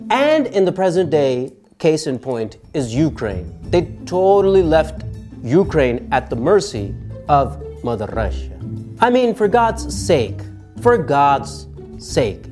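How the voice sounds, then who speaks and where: A man's voice: a little high, darkish tone. A man giving casual spoken commentary on world events. He talks loosely with many fillers and puts on voices for the people he quotes.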